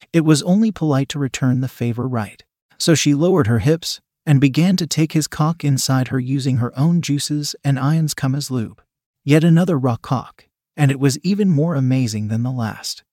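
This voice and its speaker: A man reading a story aloud in a steady, scripted narration style. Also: mid-range voice, no echo, studio quality.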